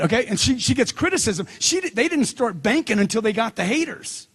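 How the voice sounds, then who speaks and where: A man's voice: very high-pitched, very animated, fairly quick, fairly bright tone, breathy edge. A middle-aged man speaking as a motivational speaker at a seminar, punchy and emphatic, repeating lines for effect. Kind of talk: seminar speech.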